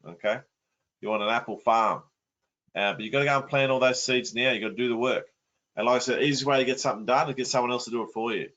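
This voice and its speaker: A man's voice: mid-range voice, a bit bright, dull audio. A man coaching property investment in an online masterclass, blunt and colloquial.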